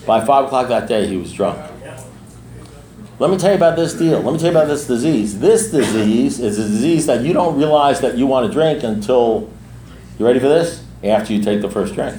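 A man's voice: mid-range voice, expressive, a little fast, dark tone. A man speaking at a recovery meeting as a sponsor, blunt and streetwise, repeating lines for emphasis. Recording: echoey room with faint ambience.

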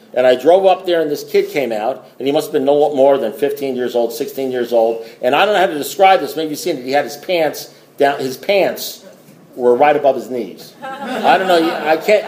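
A man's voice: a little high, darkish tone, reverberant. A middle-aged man speaking to a recovery meeting, telling a story in a rambling way with restarts and wry asides. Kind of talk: storytelling talk to a group.

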